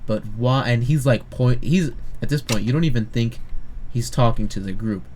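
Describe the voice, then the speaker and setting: A man narrating as game master in a casual, halting way with many fillers. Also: medium pitch, darkish tone. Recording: noisy home recording.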